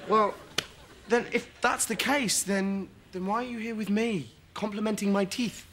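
An actor playing a wry, playful, self-mocking charmer. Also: male voice, high-pitched, fairly even intonation, unhurried, noisy background.

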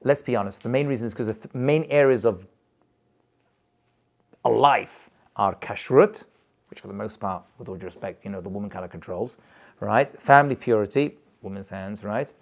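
A man's voice: lowish voice, moderate pace, vocal fry. A man, a rabbi, teaching a live class in an informal, emphatic way, repeating points and chuckling as he goes. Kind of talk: lively informal lecture to a live group.

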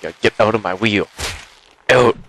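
A man giving live, excitable commentary while playing a game, exclaiming and gasping often, recorded on a headset. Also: lowish voice, measured pace, slight background noise. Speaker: gaming video host.

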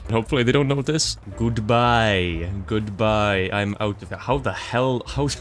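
A young man narrates his playthrough in a loose, jokey way, taunting enemies and repeating little catchphrases. He sits at a mid pitch, and faint game music plays beneath him. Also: normal speed. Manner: jokey, laughs often, teases enemies, repeats phrases. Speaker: gaming streamer. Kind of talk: let's play commentary.

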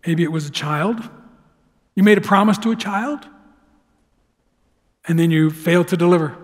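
A man preaching a sermon as pastor, telling the story dramatically and swinging from loud to hushed. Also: a little high, normal speed. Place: church sanctuary. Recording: long hall reverb.

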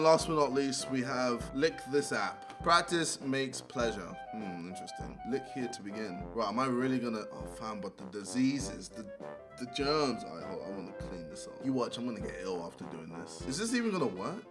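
A man's voice: medium pitch, lively intonation, brisk, music in the background. Young man, rambling app commentary.

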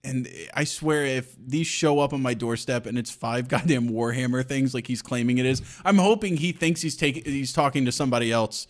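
A man's voice: mid-range voice, brisk, few pauses. A man co-hosting a podcast, telling stories in casual, profane chat and laughing often. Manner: profane, laughing, animated storytelling. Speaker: podcast co-host.

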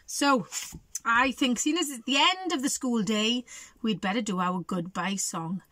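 A woman, a teacher reading a storybook to children, animated and chatty, stopping to ask questions. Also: on the high side, measured pace, no echo.

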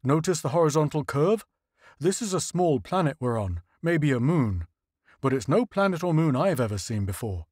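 A man's voice: on the high side, very animated, normal speed, a little mellow, no echo, clean studio sound. A man voicing a practical male pilot and general who speaks in a level, matter-of-fact way. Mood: steady.

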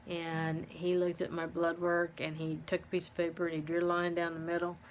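A middle-aged woman telling a personal story, pausing often with ums and restarts. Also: fairly low pitch, monotone, a little hiss or hum. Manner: halting, many ums and restarts. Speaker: vlogger living with dementia.

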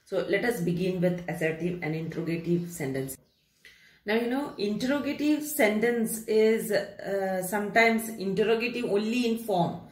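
A woman teaching a grammar lesson to students, explaining rules patiently, repeating key phrases and slowing down to read out examples. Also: mid-range voice. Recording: echoey room.

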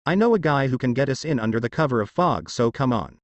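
A man reading as an aging bridge builder, jumpy and urgent, with a lively swinging pitch. The sound is dry and close. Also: fast, dry recording, dull audio, natural voice. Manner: urgent, relieved.

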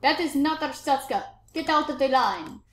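A woman's voice: high voice, lively intonation, moderate pace, a bit bright, echoey room. A woman voicing a curt, bossy female border inspector with a vague put-on foreign accent. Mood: stern. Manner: curt, commanding, dismissive.

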